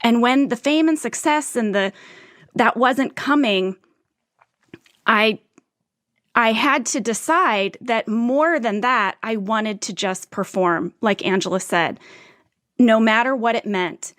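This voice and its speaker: A woman's voice: on the high side, slow, fairly bright tone, no echo, studio quality. A woman from St. Louis, a podcast guest and actress, candidly telling stories in an earnest, anecdotal way. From St. Louis, USA. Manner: earnest, anecdotal, with small restarts. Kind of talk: candid conversational storytelling.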